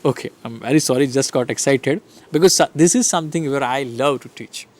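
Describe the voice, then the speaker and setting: A man's voice: medium pitch, fairly quick. A man with an Indian English accent giving a classroom lecture on English intonation, demonstrating rhythms and often checking in with listeners. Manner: animated, demonstrates rhythm and intonation with repeated examples; asks listeners frequent "right?" checks. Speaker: English teacher.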